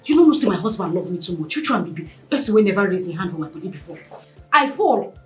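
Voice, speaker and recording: An actress doing a wronged Nigerian wife, mixing English and Pidgin, her pitch swinging wide. She stammers when cornered. Soft film music plays behind. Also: big pitch swings, fast, natural voice, rough recording. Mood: defensive. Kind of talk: Nollywood film acting.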